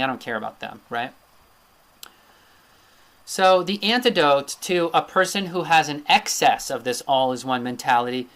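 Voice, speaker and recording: A male teacher gives a recorded lecture from his slides. He thinks aloud with plenty of fillers and often checks in with a quick tag question. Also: fairly high pitch, a bit bright. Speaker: Ayurveda teacher.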